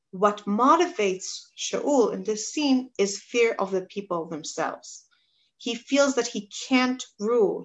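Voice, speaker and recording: A woman's voice: mid-range voice, highs cut off. Woman teaching a scripture lesson. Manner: reads scripture aloud, then explains it. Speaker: Bible teacher. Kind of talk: text study lesson.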